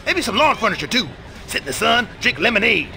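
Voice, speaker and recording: An actor playing a brash tough-guy male bandicoot with a gravelly, blustering voice, in a video game cutscene. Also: sits high, sing-song, brisk, pushed and bright, some chatter behind, a little hiss or hum, exaggerated voice.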